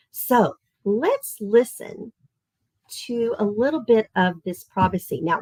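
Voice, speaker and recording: A woman's voice: medium pitch, slightly rough, no room sound, poor audio. A woman with a Tennessee Southern accent teaching children in a live online class, chatty and friendly, with many fillers and restarts. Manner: reads verse slowly and rhythmically. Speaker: homeschool art and literature teacher.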